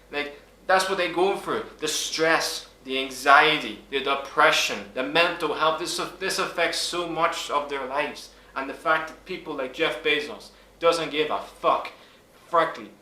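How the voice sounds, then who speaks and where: A YouTuber in his twenties delivers a furious rant to camera, full of hard swearing and heavy emphasis. His voice sits on the high side, measured in pace and pushed and bright, and the room has a noticeable echo.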